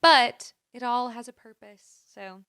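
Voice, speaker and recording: A woman's voice: on the high side, unhurried, fairly bright tone, clean tone, no echo, studio quality. A woman co-hosting a podcast in casual chat, talking in a chatty, sing-songy way from a spare room at home. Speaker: podcast co-host.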